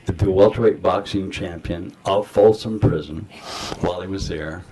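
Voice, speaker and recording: A man's voice: low-pitched, moderate pace, warm tone. An older man, a guest actor at a festival Q&A, telling rambling anecdotes full of acted-out quotes. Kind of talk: festival Q&A storytelling. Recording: audience noise in a festival hall.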